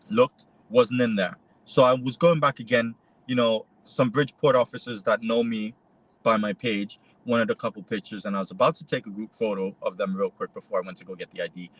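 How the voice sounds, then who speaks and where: A man, a photojournalist, recounting an incident to an interviewer in a conversational, animated way, acting out both sides of quoted exchanges. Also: on the low side, dry recording, low-quality recording. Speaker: interview guest. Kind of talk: conversational storytelling.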